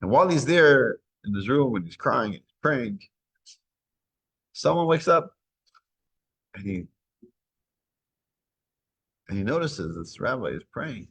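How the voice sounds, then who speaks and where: A man's voice: mid-range voice, big pitch swings, measured pace, pauses often, a bit bright, husky. A man teaching a weekly Torah class, retelling a story and acting out its dialogue. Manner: acts out dialogue in retold stories.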